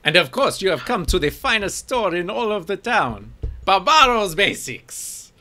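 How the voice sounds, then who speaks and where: A man's voice: high voice, sing-song, unhurried, sharp tone, voice pushed up, heavily acted. A man voicing a proud, showy male tiefling shopkeeper with grand salesman patter in a tabletop game.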